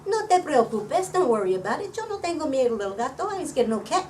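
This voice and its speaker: A woman's voice: high-pitched, very animated, fast talker, very noisy, voice pushed up. A woman voicing a cocky little brother mouse who says he isn't scared, in a storybook tale. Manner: cocky, dismissive. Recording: distant voice over loud drums and music.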